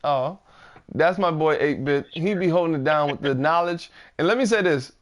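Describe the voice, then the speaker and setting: Upbeat host with a fairly high voice. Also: male voice, normal speed. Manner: repeats words, laughs often, hypes guests. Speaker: podcast host. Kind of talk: casual podcast chat.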